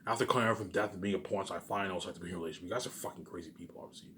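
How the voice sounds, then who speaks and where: Racing along in a low, bright, forceful voice, this man delivers a rambling solo monologue to his viewers against slight background noise. As channel host he swears, talks big and emphatically, and says "obviously" and "you know what I'm saying" over and over.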